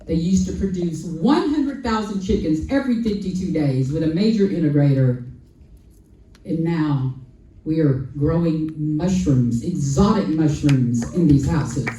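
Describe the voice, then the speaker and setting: A woman telling an animated personal story on a festival panel, acting out quoted dialogue and repeating lines for emphasis, heard from a distant mic. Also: deep voice, unhurried, a little hiss or hum. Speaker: sanctuary founder on a festival panel. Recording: echoey hall, voice from far off.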